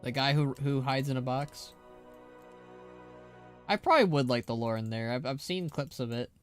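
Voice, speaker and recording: A man's voice: mid-range voice, normal speed, soft background music. A man streaming a game, chatting casually, playful and teasing, laughing often. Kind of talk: casual chat while gaming.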